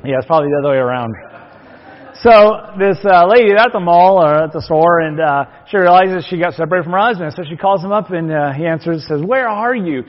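A man's voice: fairly high pitch, a little fast. A man preaching a sermon as pastor, folksy and joking between readings from scripture. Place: church sanctuary. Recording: long hall reverb, dull lo-fi sound.

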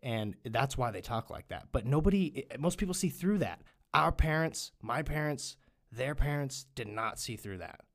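A man's voice: medium pitch, normal speed. A man hosting a podcast, chatting casually and ranting with plenty of swearing. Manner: profane, animated ranting. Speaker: podcast host.

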